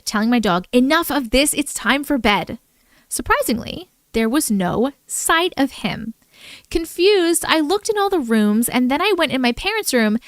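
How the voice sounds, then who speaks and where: A woman's voice: sits high, a bit bright, no echo. A woman hosting a livestream, chatting with viewers and reading their stories aloud, breaking in with startled reactions. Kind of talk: casual live chat and reading stories aloud.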